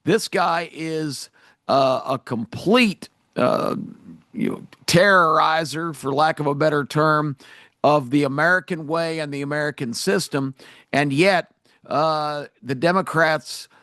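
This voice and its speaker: A man's voice: fairly high pitch, measured pace, a bit bright, dry recording. Indignant talk radio man, close and dry. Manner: emphatic, indignant, with frequent fillers. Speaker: radio talk show host. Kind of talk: political commentary monologue.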